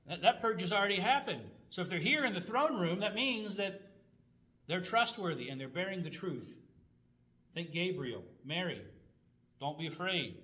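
A man with a fairly high voice teaches a Bible study. He talks conversationally, tosses rhetorical questions to his listeners and reads scripture passages aloud. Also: expressive, moderate pace, long pauses, sharp tone.

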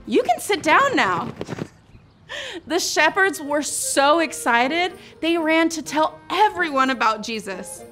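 Bright, bouncy preschool show host woman. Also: high-pitched, big pitch swings, measured pace, soft background music. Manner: exaggerated, playful, cheering on young children. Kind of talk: preschool Bible lesson.

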